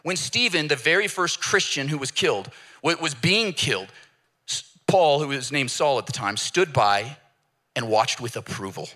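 A pastor preaches a sermon, telling animated stories and acting out voices for the people in them. He speaks in a mid-range voice at normal speed.

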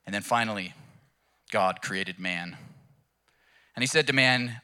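A man's voice: lowish voice, a little slow, pauses often, bright, forceful tone. A young adult man preaching a sermon in a casual, storytelling way with jokes. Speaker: pastor.

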